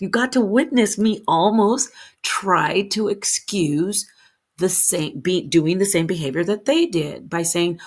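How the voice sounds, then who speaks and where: Hosting a solo livestream, a woman with a fairly low, slightly rough voice talks slowly to her chat. She's animated, corrects herself mid-thought, and addresses both herself and her viewers, calling some by name.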